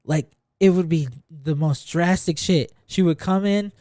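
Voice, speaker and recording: A man's voice: a little high, measured pace, warm tone, dry recording, clean studio sound. A young man telling a long, rambling story in casual podcast chat, swearing constantly. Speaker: podcast co-host.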